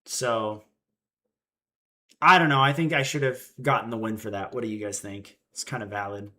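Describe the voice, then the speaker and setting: Bright-voiced young man telling stories on stream. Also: lowish voice, moderate pace. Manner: animated storyteller acting out quotes. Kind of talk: casual livestream chat.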